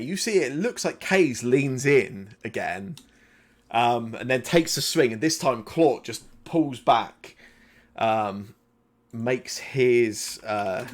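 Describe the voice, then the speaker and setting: A man serves as game master for a streamed tabletop game, his pitch sitting in an ordinary middle range. He talks in a relaxed, meandering way, full of ums and restarts, as he lays out each swing and roll. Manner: relaxed, many fillers, drawn-out descriptions.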